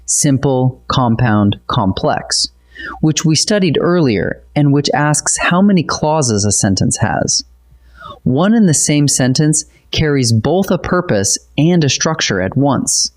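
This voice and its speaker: Lively, measured grammar teacher. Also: mid-range voice. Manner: measured, explanatory, lively intonation. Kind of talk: scripted grammar lesson narration.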